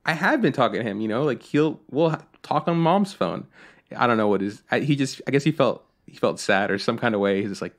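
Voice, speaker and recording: A young man co-hosting a podcast, telling a story in a casual, animated way, swearing and acting out what people said. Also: mid-range voice, fast talker. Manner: animated, swears a lot, acts out quotes. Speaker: podcast co-host.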